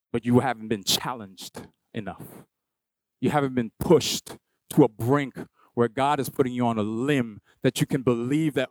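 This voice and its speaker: A young man gives a sermon in a steady middle register, stacking short repeated phrases and building to emphatic peaks. The sound is close and dry. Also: medium pitch, no room sound. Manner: rhythmic repetition, rising to loud emphatic peaks. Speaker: preacher. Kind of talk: sermon at a baptism service. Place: church hall with a congregation of about two hundred.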